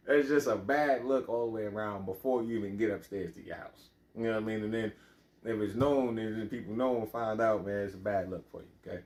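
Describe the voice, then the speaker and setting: Bronx guy w/ new york accent, rambling story, lowish voice, roomy echo. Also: brisk, a little mellow. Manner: loose, rambling storytelling with many fillers. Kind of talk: casual monologue.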